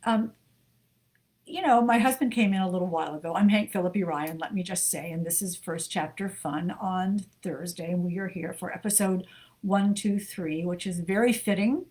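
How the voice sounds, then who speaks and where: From her desk at home, a middle-aged American co-host of a live book show chats casually, greeting viewers by name. She speaks at normal speed in a lowish voice, warmly and with plenty of ums.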